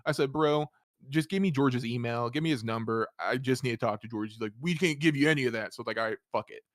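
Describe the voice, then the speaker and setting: A man telling a story on a casual podcast, animated and quick to laugh. He acts out both sides of each exchange and swears freely. His voice sits at an everyday male pitch and sounds close and dry, with no room around it. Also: no echo. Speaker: podcast host.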